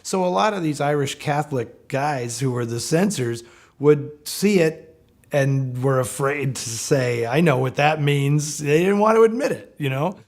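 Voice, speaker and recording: A film historian in a documentary interview, an animated storyteller who acts out quotes. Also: male voice, a little high, unhurried.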